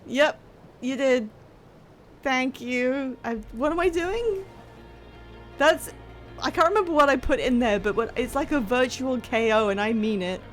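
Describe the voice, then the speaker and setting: A woman streaming live with a high voice that leaps up and down as she reacts. She talks casually and excitably to her viewers between moves in the game, laughing at herself often. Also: a little slow, long pauses, soft background music. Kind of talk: casual live-stream chat while gaming.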